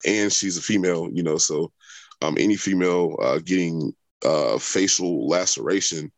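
A man's voice: low-pitched, normal speed, dry recording. A young adult man telling a long personal story in conversation, rambling with many fillers and restarts. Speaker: interviewee.

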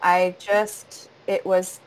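A woman's voice: on the low side, little pitch movement, extremely slow, clear, resonant tone, rough recording. Woman, voice teacher, audiobook narrator, earnest, laughs easily, casual interview. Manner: warm, earnest, laughs often, demonstrates voice registers.

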